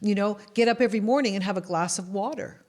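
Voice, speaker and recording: Speaking quickly at a medium pitch, this Canadian author is a guest in a relaxed interview. She's a lively storyteller who performs the voices of everyone she quotes.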